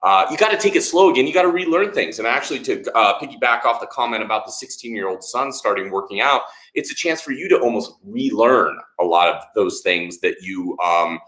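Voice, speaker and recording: A man's voice: mid-range voice, expressive, brisk, hardly any pauses, a bit bright, echoey room. A man co-hosting a fitness channel, reading viewer comments aloud and giving friendly, encouraging replies.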